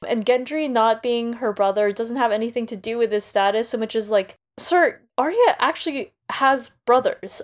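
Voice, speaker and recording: A woman co-hosting a book podcast in casual chat, talking freely and acting out quotes in quick asides. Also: a little high. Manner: chatty, acts out quotes in asides. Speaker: podcast co-host.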